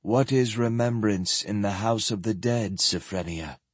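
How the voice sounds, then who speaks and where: A man's voice: on the low side, measured pace, husky, dry recording. A man doing a hollow, solemn ghost knight. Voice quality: hollow, empty voice. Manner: solemn, archaic speech.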